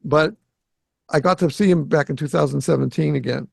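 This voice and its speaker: A man's voice: fairly high pitch, brisk, gravelly, breathy edge, no room sound. A man from the Greater Boston area hosting a podcast, telling a story and acting out the quoted dialogue. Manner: animated storyteller who acts out quoted dialogue. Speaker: podcast host. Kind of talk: casual storytelling conversation. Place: home in South Florida.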